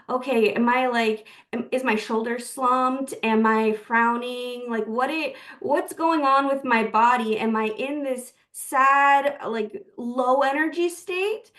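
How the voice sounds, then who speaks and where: Woman, earnest, explaining, fairly high voice, video call, distant mic. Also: fairly bright tone. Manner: earnest, explanatory, lots of fillers. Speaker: coaching call participant. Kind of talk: casual sharing on a group call.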